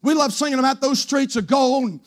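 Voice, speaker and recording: A male pastor preaching a fiery revival sermon, shouting his points and dropping to a hushed voice for stories. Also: very high voice, fairly quick. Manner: shouting, swinging from loud to hushed storytelling.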